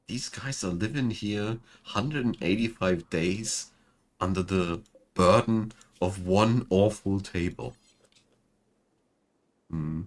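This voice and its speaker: A man's voice: deep voice, takes it slowly, long pauses. A man with a German accent, chatting casually while streaming a game and talking about it. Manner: chatty, laughs at himself. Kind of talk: casual gameplay commentary.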